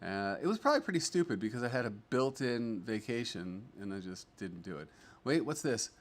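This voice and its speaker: With a sing-song, medium-pitched voice and a fairly quick delivery, this middle-aged livestream host chats away. He reads out viewer comments cheerfully, rambling and leaning on lots of fillers.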